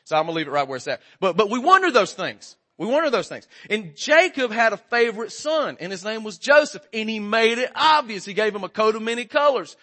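Pastor, male, 40s: high, forceful voice, chatty and jokey, keeps checking in with the crowd. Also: big pitch swings, brisk, few pauses. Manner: conversational, joking, quizzes the congregation. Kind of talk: sermon.

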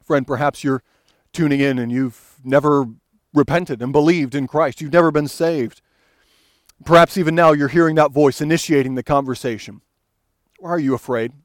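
A man's voice: fairly high pitch, moderate pace, pauses often, dry recording. A man preaching a sermon in an earnest, pastoral way, building to fervent emphasis as he quotes. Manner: earnest, rising to fervent emphasis when quoting.

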